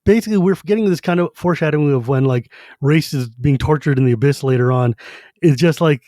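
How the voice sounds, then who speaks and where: A man co-hosting a casual book podcast, retelling scenes in an animated, laughing, slangy way. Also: a little high, quick pace, no echo, studio quality. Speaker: podcast co-host.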